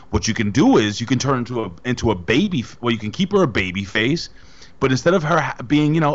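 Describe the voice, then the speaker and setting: A man's voice: medium pitch, big pitch swings, a little fast, muffled recording. Blunt, rambling man podcaster. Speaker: podcast co-host. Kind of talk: casual chat.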